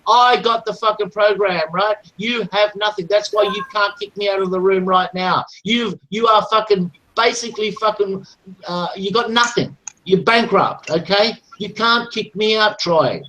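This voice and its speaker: A man's voice: high voice, moderate pace, sharp tone, rough recording. A man in a heated online voice chat, taunting and swearing aggressively. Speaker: chat room participant.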